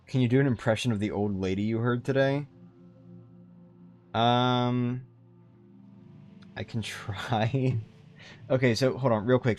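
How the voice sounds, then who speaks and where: A young man in his twenties chatting casually on a game livestream, rambling, swearing often and restarting his sentences. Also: fairly low pitch. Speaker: game streamer. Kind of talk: casual gaming livestream chat.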